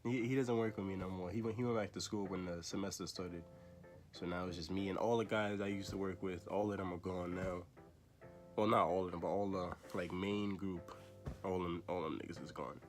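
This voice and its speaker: A young man vlogging to his own camera, telling a story in slangy, laid-back talk and chuckling between remarks, his voice low and rough from being sick. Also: fairly even intonation, brisk, faint music behind. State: sick, voice lower than usual. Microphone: camera he set up facing himself.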